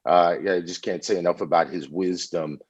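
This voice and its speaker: A middle-aged man from Indiana, a podcast guest telling animated stories about his past and often saying "man.". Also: deep voice, fairly quick, slightly rough, no room sound. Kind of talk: casual storytelling interview. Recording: dull lo-fi audio.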